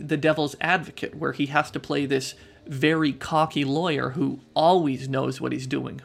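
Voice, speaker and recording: A man's voice: on the high side, creaky. A man co-hosting a podcast, talking in a thoughtful way and restarting his sentences often. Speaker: podcast co-host. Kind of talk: casual chat.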